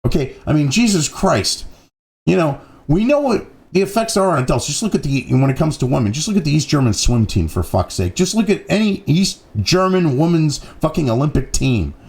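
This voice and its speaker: A man's voice: on the high side, sing-song, fairly quick, creaky, darkish tone. A man hosting a profane, angry political commentary rant, swearing constantly and mocking opponents.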